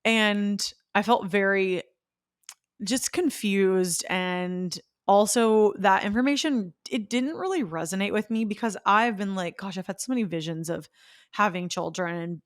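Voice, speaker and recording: A young woman with a mid-range, slightly slow voice hosts a podcast, telling a personal story earnestly and emotionally and quoting others in her own voice. The podcast microphone gives a clean studio sound with no room sound.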